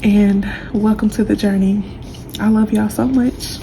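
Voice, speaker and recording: A woman's voice: medium pitch, steady tone, a little slow, creaky, a little hiss or hum, poor audio. A young woman giving a casual tarot reading, chatty and emotional, talking straight to her viewers. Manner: chatty, warm and emotional, says y'all a lot. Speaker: tarot reader.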